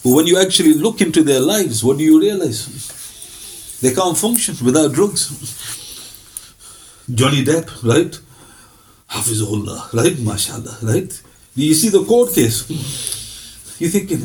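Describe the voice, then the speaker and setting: A man's voice: high voice, animated, moderate pace, pauses often, darkish tone, poor audio. A man giving a religious lecture, telling stories through acted-out dialogues and asking his listeners rhetorical questions. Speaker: Islamic preacher.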